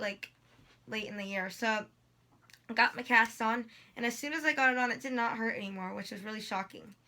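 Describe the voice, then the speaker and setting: A teenage girl vlogging her story in a loose, rambling way, full of likes and ums and acting out what others said. Her voice sits a little high and comes out bright and sharp. She is in pain while she talks. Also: a little hiss or hum. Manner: rambling, lots of likes and ums, quotes people in dialogue. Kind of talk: casual personal storytelling.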